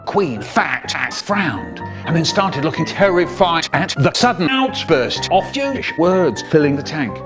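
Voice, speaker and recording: A man telling a spliced-together comic story in an animated voice that jumps into sudden squeaky highs. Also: a little slow, few pauses, music in the background.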